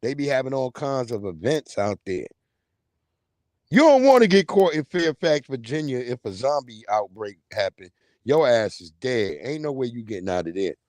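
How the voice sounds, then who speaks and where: A man's voice: medium pitch, normal speed, no echo, studio quality. A man hosting a livestream, telling stories in a casual, profane comedic rant. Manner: animated, profane storytelling. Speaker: livestream host.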